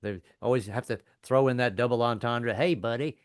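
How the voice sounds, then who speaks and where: A man's voice: mid-range voice, steady tone, smooth, no room sound, clean studio sound. A middle-aged man from the American South, with no regional accent, telling stand-up stories and briefly doing voices of the people in them. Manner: storytelling, doing quick voices of family members. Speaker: stand-up comedian. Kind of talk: stand-up comedy set. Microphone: video call.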